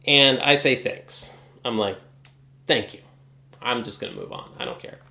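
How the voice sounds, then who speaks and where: Guy venting on his vlog, gravelly low voice swinging all over, echoey room. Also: normal speed. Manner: animated, exasperated, swears often. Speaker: guitar hobbyist vlogger. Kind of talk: casual ranting vlog.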